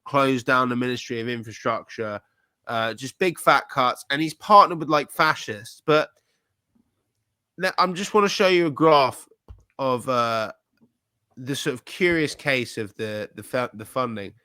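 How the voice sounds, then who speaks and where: A man's voice: medium pitch, unhurried, pushed and bright, smooth, dry recording. Give me a blunt, sweary man co-hosting a podcast, dry and close. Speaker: podcast co-host. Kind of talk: ranty casual chat.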